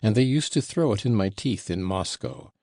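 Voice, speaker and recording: A man's voice: on the low side, animated, normal speed, darkish tone, no room sound, studio quality, natural voice. A man reading a sullen, proud young male servant who talks curtly and disdainfully in an audiobook. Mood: scornful. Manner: curt, disdainful.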